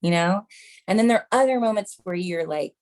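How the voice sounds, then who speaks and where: This comedian's voice is fairly low, a little mellow, and fairly quick. She's a woman in her thirties doing a chatty stand-up set of self-mocking mom jokes, often calling the crowd "you guys."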